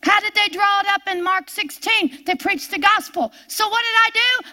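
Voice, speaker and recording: An older woman preaching a sermon, emphatic and repetitive, rising loud and dropping to a hush. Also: very high voice, normal speed, hardly any pauses. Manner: emphatic, repeats phrases, swings between loud and hushed.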